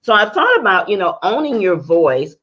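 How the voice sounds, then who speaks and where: A woman's voice: medium pitch, big pitch swings, moderate pace, highs cut off. Upbeat woman host, voice strained by a cold. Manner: chatty, upbeat, greets viewers by name. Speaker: talk show host and interview coach. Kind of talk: live-stream talk show.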